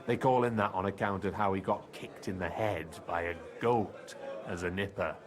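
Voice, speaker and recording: A man's voice: low voice, fairly even intonation, moderate pace, a crowd in the background, close to an everyday voice. An actor playing a streetwise male fixer from a thieves' crew, with a Cockney accent and slangy talk. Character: shifty male thief-guild fixer, streetwise.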